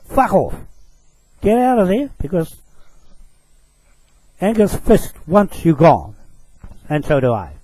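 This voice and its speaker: A man's voice: a little high, dark tone, no room sound, low-quality recording. A man delivering an angry, profane rant to camera. He accuses his target directly and repeats short phrases for emphasis.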